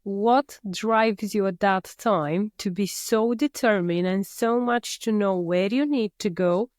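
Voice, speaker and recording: A woman hosts a podcast interview, speaking slowly in a smooth, clear voice. She puts short, probing questions to her guest, and the sound is dry with no room echo. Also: mid-range voice, darkish tone. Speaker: podcast host.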